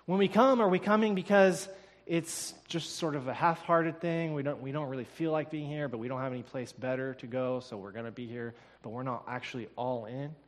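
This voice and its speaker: A male pastor preaching a sermon to his church, emphatic and building to loud declarations. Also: on the high side. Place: church sanctuary. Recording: long reverb of a church hall.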